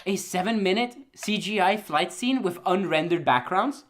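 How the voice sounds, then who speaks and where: A man's voice: high voice, moderate pace, background noise, natural voice. A man voicing a personified anime studio in a mock French accent, falsely soothing and coaxing in a sing-song tease. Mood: teasing.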